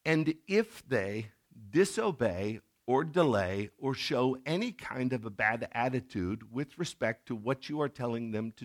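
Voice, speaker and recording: A middle-aged man preaching a sermon in a conversational tone, now and then acting out scenes in sudden loud bursts. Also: medium pitch. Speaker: pastor.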